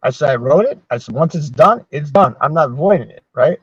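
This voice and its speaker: A man's voice: a little high, animated, brisk, husky, dry recording. Profane older man spinning rambling stories. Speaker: podcast host. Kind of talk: casual storytelling chat. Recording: dull, dry sound.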